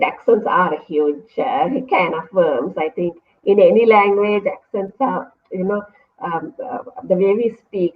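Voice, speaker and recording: A woman, a lecturer speaking as a guest, giving a measured, thoughtful answer with frequent pauses and "uh" fillers. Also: fairly low pitch. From Sri Lanka. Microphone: online video call. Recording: tinny, distant call audio.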